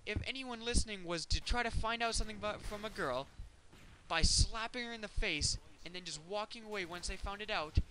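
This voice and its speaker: A high-pitched man gives casual commentary over video game footage. His voice is bright and forceful, with a faint hiss of noise underneath. He talks in an animated, ranting way, full of incredulity. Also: brisk, rough recording. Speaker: gameplay commentator.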